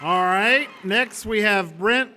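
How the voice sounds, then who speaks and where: A man emceeing a convention session, briskly announcing each speaker from a podium. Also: high-pitched, crowd noise, noisy background. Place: large convention hall.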